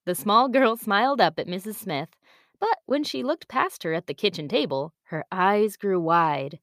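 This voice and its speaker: A woman reading a children's story aloud with an expressive storybook cadence. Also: medium pitch, a little slow, no room sound, studio quality.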